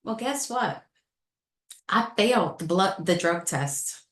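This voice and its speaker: A middle-aged woman telling a personal story on a panel with animated, dramatic delivery. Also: mid-range voice, takes it slowly, roomy sound. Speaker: panel speaker. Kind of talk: storytelling talk.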